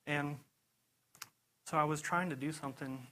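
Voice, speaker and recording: A young man giving a casual sermon testimony, telling rambling, animated stories full of "you know" and quick laughs. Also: a little high, slight background noise, low-quality recording. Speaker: preacher.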